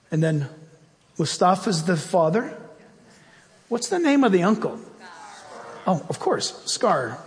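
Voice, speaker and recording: A high-voiced pastor preaches slowly and deliberately, pressing each point with rhetorical questions. He moves into fervent, rising prayer. His words trail off in the long reverb of a large hall. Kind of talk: sermon and closing prayer.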